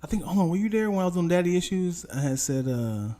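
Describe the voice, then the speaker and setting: A man's voice: sits high, lively intonation, fast talker, dark tone. A man co-hosting a casual podcast, telling stories with animation and pushing back with questions. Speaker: podcast co-host. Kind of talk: casual chat.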